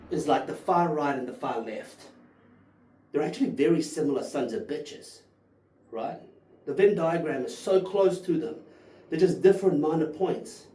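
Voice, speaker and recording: A man in his thirties reviews whisky in a casual tasting vlog, rambling through his notes, swearing freely, and gushing over the flavors. His voice is warm, mellow, and fairly high, sounding a little distant in a roomy, echoey space.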